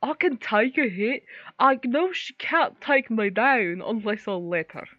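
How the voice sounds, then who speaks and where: A player putting on a big, chatty, tipsy man, relaxed and unbothered. The recording is dry, muffled and lo-fi. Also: medium pitch, measured pace, no room sound, close to an everyday voice. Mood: easygoing. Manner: loose and laughing, full of fillers. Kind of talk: in-character tabletop role-play.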